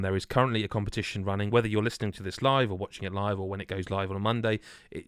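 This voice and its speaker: A man in his thirties hosting a podcast, loud, rambling and jokey. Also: lowish voice, dry recording, clean studio sound. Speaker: podcast host. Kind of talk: casual chat.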